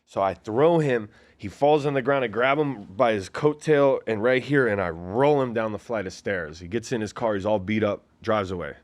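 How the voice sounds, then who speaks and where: A man in his forties sits in as a guest and tells a long story in a low, easygoing voice. He rambles and leans on fillers. He throws in quick impressions of the people he quotes. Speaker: guest, former fighter. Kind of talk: casual storytelling interview.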